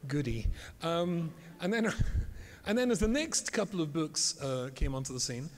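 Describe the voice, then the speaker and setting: A man's voice: fairly high pitch, very animated, unhurried. A man, a rabbi giving a humorous storytelling lecture, wry and self-mocking. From England. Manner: wry, self-mocking, tells jokes and does voices. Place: convention hall. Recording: reverberant hall, faint background noise.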